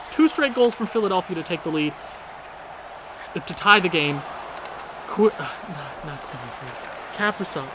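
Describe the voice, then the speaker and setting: A man giving excited let's-play commentary, yelling at the game and swinging between frantic outbursts and hushed disbelief. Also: sits high, noisy background. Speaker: gaming video creator. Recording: game music playing behind the voice. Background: video game music.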